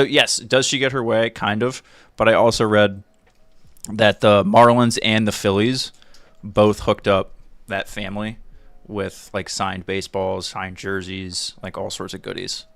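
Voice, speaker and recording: A man hosting a live stream, giving an animated, mocking, profane running commentary on a video. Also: fairly low pitch, vocal fry, dry recording.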